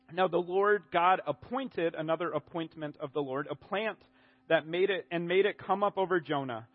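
High-voiced man preaching a casual sermon. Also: narrow, tinny audio. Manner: conversational, animated, with many restarts.

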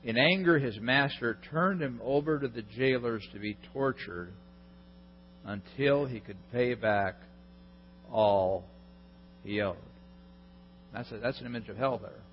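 A man's voice: mid-range voice, a little slow, long pauses, a little hiss or hum. A man preaching a sermon in a conversational way, putting questions to the congregation. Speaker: pastor. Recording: echoey hall, dull lo-fi sound.

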